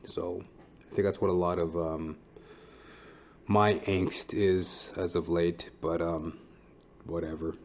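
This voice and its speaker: A man's voice: deep voice, flat delivery, takes it slowly, long pauses, slight background noise. A man who is a stand-up comedian, hosting his own podcast in a blunt, profane, rambling monologue.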